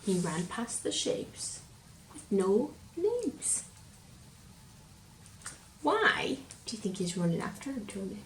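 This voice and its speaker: A woman reads a picture book to a young child, unhurried and gentle, pausing to ask him what he thinks. Her voice rises and falls in a lively, animated way. The recording is roomy with a faint hum behind it. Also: mid-range voice. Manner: slow, gentle, questioning the child. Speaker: storyteller reading to a child. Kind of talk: picture-book read-aloud.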